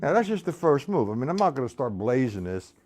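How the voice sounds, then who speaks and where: A man's voice: medium pitch, big pitch swings, fast talker, over loud music. An older man teaching a live-streamed drum lesson, talking to viewers in the chat by name and explaining each exercise. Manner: talks to chat viewers by name, counts beats aloud. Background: drum kit.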